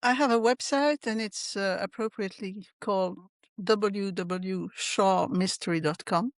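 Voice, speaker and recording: A woman's voice: mid-range voice, a little slow, no room sound. French-accented woman, dry and close. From Belgium. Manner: hesitant, laughs often, restarts phrases. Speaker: author guest. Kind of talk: casual interview chat.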